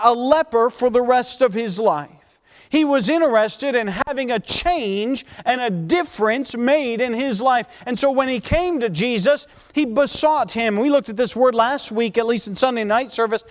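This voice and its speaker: High-voiced preacher in a reverberant hall. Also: male voice. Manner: fervent preaching with pleading, dropping to soft intense tones. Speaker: pastor. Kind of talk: sermon.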